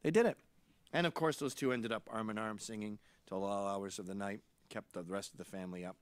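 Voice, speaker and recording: A man's voice: on the low side, a little fast, clean tone, dry recording. A man in his late forties, from Canada, telling irreverent comic stories in a podcast monologue. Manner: irreverent, animated storytelling. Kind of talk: comedic monologue.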